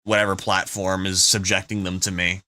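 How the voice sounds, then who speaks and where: Bright-voiced young man hosting a stream. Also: low voice, level tone, no echo, clean studio sound. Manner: halting, many restarts and fillers. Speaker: livestream radio host. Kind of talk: casual livestream chat.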